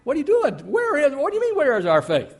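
A man's voice: wildly swooping pitch, fast talker, exaggerated voice. A man putting on panicked pleading fishermen. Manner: high, loud, pleading. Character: panicked frightened men, fishermen disciples, pleading.

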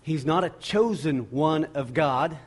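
A male pastor preaching a sermon, retelling a scripture story with dramatic pauses and repeated words. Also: on the high side, breathy edge.

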